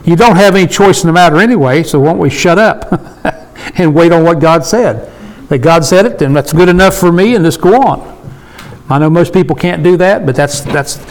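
A man's voice: a little high, moderate pace, rough recording. A man in his sixties leading a casual Bible study discussion, emphatic and repeating his points for stress. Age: 60s.

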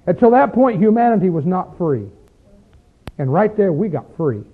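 High-voiced man teaching Bible study, tinny sound. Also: lively intonation, measured pace, long pauses, husky. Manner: emphatic, questions the group, rises when stressing points. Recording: tinny phone-like recording.

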